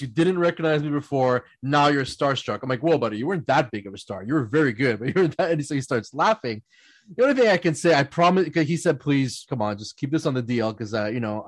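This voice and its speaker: On a podcast panel, a man with an ordinary middle-pitched voice tells casual stories, rambling, laughing often and restarting his sentences. The recording sounds dry and close.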